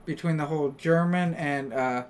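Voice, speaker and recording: A woman's voice: deep voice, normal speed, darkish tone. An American woman streamer chatting casually, telling stories with quoted back-and-forth. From United States. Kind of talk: casual chat on a live stream.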